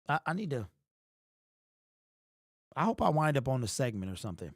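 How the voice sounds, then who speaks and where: A man hosting a sports fan livestream, tired and emotional, his frustrated talk rising into shouted rants. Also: mid-range voice, sing-song, moderate pace, long pauses, no echo, clean studio sound.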